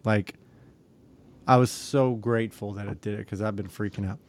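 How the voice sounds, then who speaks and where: A man's voice: on the low side, normal speed. A man in his thirties telling a long story in casual chat, swearing freely and acting out other people's lines. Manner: profane, animated, mimics other people in quotes.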